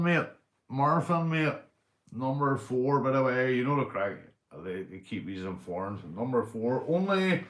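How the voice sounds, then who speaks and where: A man with a Northern Irish accent hosting a rambling livestream chat, tipsy from beer, boisterous, swearing and laughing a lot. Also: medium pitch. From Northern Ireland. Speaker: livestream host. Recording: echoey room.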